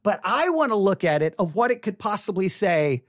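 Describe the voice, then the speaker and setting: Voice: medium pitch, very animated, normal speed, no echo, clean studio sound. A speaker giving casual spoken commentary on an album, chatty and repetitive, often retelling their own reactions. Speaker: online commentator on faith and music.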